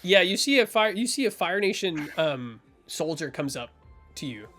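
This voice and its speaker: A man's voice: high voice, sing-song, moderate pace, fairly bright tone, soft background music. A man narrating as game master in a rambling way, full of fillers and restarts.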